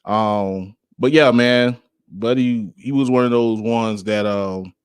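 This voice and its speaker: A man's voice: medium pitch, fairly even intonation, takes it slowly, smooth, dry recording, clean studio sound. A man hosting his own podcast, talking in a laid-back, rambling way, full of slang and filler phrases. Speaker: podcast host. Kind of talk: casual podcast monologue.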